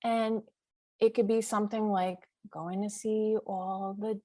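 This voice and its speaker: A middle-aged woman from the US East Coast talks as a podcast guest in an eager, chatty way, piling up examples and filling pauses with "you know" and "uh". Her voice sits at a medium pitch. The recording is dry and close, with no room sound. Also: little pitch movement, warm tone, dry recording. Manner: chatty, enthusiastic, lists examples with frequent fillers. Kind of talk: casual interview chat.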